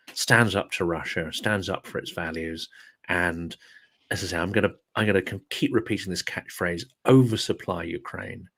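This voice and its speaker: A man who is a guest on a live chat, speaking in an earnest, measured way as he makes firm points. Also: sits low, a bit bright. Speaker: guest, political channel host.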